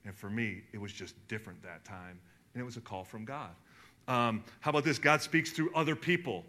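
A man preaching a sermon to his congregation, telling stories animatedly, with sudden jumps in loudness. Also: medium pitch, brisk. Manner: animated storytelling, emphatic swings in loudness. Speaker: pastor. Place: church hall in front of a congregation.

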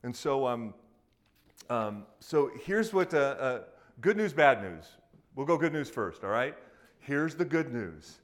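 A man preaching a sermon to a congregation, speaking casually and acting out quoted voices with lively emphasis. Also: mid-range voice, a little slow. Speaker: pastor.

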